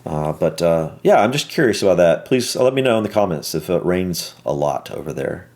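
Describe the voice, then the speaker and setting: A man with a Southern American accent, reacting to a video in casual, rambling commentary full of pauses and ums. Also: low voice, animated, darkish tone. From Southern United States. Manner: rambling, halting with many ums.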